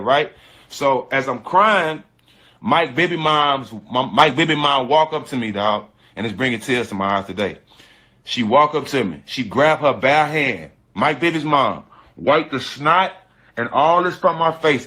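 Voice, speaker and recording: A man's voice: a little high, pushed and bright. A man telling a personal story in casual slang, emphatic and repetitive, often restarting his sentences. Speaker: storyteller guest.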